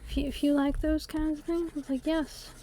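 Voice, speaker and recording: A woman's voice: sits high, little pitch movement, moderate pace, warm tone, slight background noise. A woman streaming her art on a desktop USB microphone at home. She chats in a playful, rambling way and hums to herself while she draws. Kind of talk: casual chat while drawing on stream.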